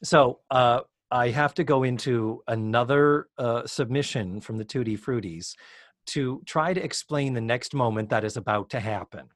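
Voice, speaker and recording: Recapping an episode on his podcast, a male co-host chats casually and gets animated, performing quoted lines in raised voices. His voice sits mid-range at a moderate pace, captured with studio quality and no echo.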